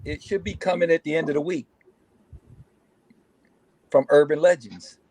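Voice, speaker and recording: A man calling into a casual live stream, chatty and quick to laugh. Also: on the high side, fairly even intonation, dark tone, rough recording. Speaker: guest caller on a live stream. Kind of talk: casual chat.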